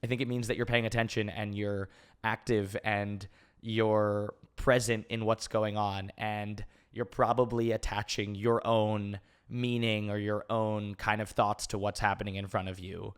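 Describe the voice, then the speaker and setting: A young man in his twenties chats casually into a podcast mic and answers listener questions. His voice sits low. He rambles, trips over his words and restarts often, and he speaks openly about his emotions. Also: little pitch movement, unhurried, clean tone. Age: 20s. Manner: rambling, lots of fillers and restarts; open and emotional, laughs easily. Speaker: podcast host.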